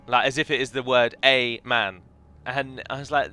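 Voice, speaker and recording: A man's voice: mid-range voice, normal speed, hardly any pauses, sharp tone, clean tone. A man casually commenting over a strategy game he plays, rambling into opinionated asides about pronunciation. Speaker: game modder and let's player.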